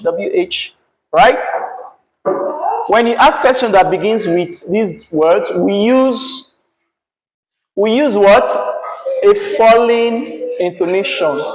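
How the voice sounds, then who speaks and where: A man's voice: high-pitched, a little hiss or hum. A male teacher, teaching a class patiently and checking in often with "yeah?" and "right?". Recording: echoey classroom.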